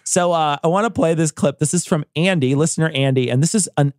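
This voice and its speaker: A man hosting a podcast in casual chat, animated, swearing and laughing often. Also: fairly high pitch, a little fast, no echo, clean studio sound. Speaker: podcast host.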